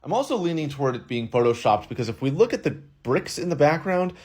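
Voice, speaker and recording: A man's voice: on the high side, sing-song, fast talker, darkish tone. A man giving an explanatory video commentary, methodical and reasoning step by step. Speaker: online commentator.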